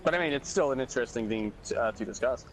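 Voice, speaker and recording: A man's voice: mid-range voice, animated, quick pace, a bit bright, a little hiss or hum, poor audio. A man in casual chat, rambling with many restarts, laughing and swearing. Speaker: podcast co-host.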